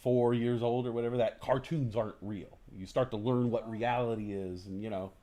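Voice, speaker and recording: A man hosts a casual livestream talk show, telling animated stories, acting out inner voices, and swearing offhandedly. He speaks at a medium pitch and normal speed.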